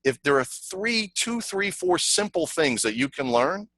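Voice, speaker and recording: A middle-aged man presenting a sales training over a video call, energetic and conversational, repeating himself and telling stories. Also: fairly high pitch, unhurried, no echo, poor audio. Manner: energetic, repetitive, conversational teaching with anecdotes. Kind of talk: online webinar presentation.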